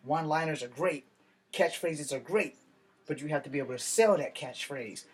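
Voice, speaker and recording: A man vlogging to camera in a profane, combative rant. His voice sits slightly high, and he talks bluntly, swearing freely as he makes his points. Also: normal speed, husky. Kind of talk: profane ranting monologue.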